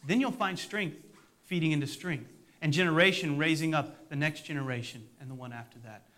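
Middle-aged male pastor, high bright voice, conversational sermon with light self-deprecating humor. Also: fairly quick.

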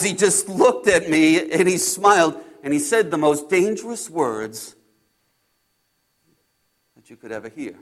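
Peter the fisherman as a man plays him, high voice, hot-tempered, halting repeats, hushed then exasperated, first-person stage monologue. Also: exaggerated voice. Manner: swings between hushed awe and loud exasperation; halting, many repeated words. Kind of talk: dramatic first-person storytelling.

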